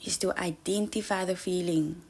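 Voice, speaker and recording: A woman giving an earnest motivational talk, coaching listeners and calling them babes, sometimes dropping to a soft whisper for emphasis. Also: lowish voice, steady tone, moderate pace, husky. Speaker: self-help speaker. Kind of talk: motivational monologue.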